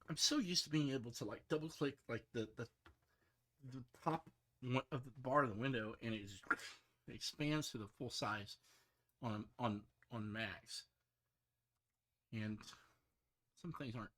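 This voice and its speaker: A middle-aged man, a software developer, talking casually and rambling, frustrated, with many restarts and fillers. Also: medium pitch. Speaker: software developer streaming his work.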